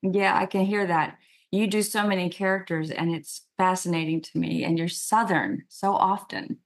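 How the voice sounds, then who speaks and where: A woman's voice: on the low side, fairly even intonation, normal speed, gravelly. A woman from the American South hosting an interview, effusive and repeating her praise. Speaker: talk show host. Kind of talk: casual interview chat.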